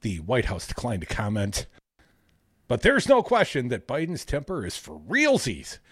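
Husky man reading news with jokes. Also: mid-range voice, normal speed, no echo, clean studio sound. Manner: animated, reads news aloud, jokey asides. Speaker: podcast co-host. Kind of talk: casual news chat.

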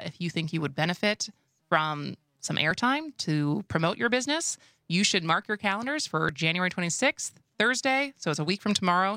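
A chatty woman with a Wisconsin accent co-hosts a radio talk show, keeping the casual chat loose and playful and laughing easily. Her lowish voice is bright and forward. The studio recording sounds dry and close.

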